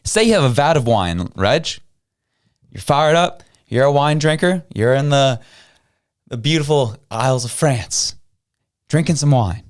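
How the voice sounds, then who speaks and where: A man's voice: medium pitch, animated, unhurried, dry recording, studio quality. A male podcast host, giving heated, emphatic political opinions.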